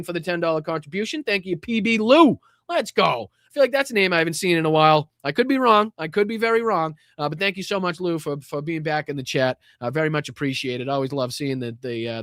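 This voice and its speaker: A man's voice: medium pitch, a bit bright, no echo, clean studio sound. A middle-aged man with a Boston accent hosting a casual live stream, swearing freely, thanking viewers by name and stumbling through fillers and restarts. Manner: blunt and profane, thanks chatters by name, many fillers and restarts. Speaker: live-stream host reading viewer donations.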